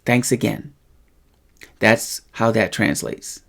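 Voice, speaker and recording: A friendly but plain teaching voice at a middle pitch, walking through examples one by one. The speaker often stops to check in with the listener. The delivery swings in pitch and loudness to stress key words. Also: takes it slowly, gravelly. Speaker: Spanish teacher. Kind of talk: casual teaching monologue.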